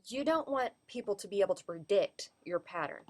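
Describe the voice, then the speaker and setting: A woman's voice: mid-range voice, expressive, brisk. A woman giving a class presentation on vocal delivery, explaining and demonstrating word emphasis. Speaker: student presenter.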